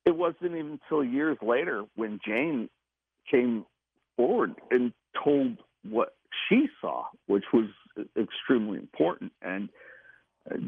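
A man telling a personal story in a casual interview, halting and repeating words as he goes. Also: mid-range voice, breathy edge, dry recording. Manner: halting, repeats words, laughs between phrases. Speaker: guest recounting an experience. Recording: tinny phone line.

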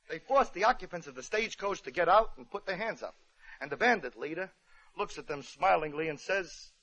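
A man hosting a radio show, telling a comic story with wry, deadpan asides. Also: on the high side. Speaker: comedian host. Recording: muffled old radio broadcast with band music.

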